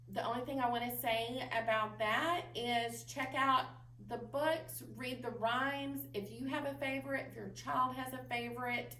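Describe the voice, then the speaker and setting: A woman librarian giving patient instructional advice to parents, explaining slowly with frequent ums. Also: a little high, pushed and bright. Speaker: children's librarian. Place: library room. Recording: roomy distant mic with faint noise.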